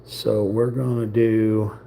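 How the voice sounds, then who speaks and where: Slow-talking man narrating a build. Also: lowish voice, level tone, gravelly, warm tone, slight background noise. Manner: jokey, muttering to himself while building. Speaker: streamer. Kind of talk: casual live-stream commentary.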